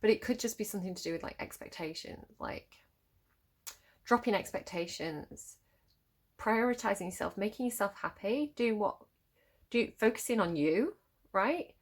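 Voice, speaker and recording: A woman's voice: mid-range voice, animated, normal speed. A woman in her thirties giving a casual tarot reading, chatty and laughing often, restarting her phrases. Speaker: tarot reader.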